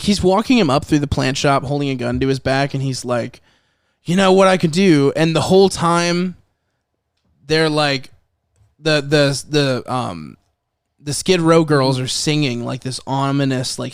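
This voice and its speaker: A man hosting a film podcast in casual chat, animated, swearing freely and acting out scenes from the movie. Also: medium pitch, moderate pace, smooth, dry recording, clean studio sound.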